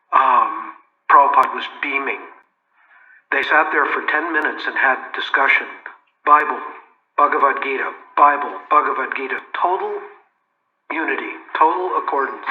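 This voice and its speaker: An older man recalling memories as an interview guest, in unhurried storytelling with frequent restarts and "you know". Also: mid-range voice. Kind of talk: relaxed storytelling. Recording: roomy, reverberant, dull-toned recording.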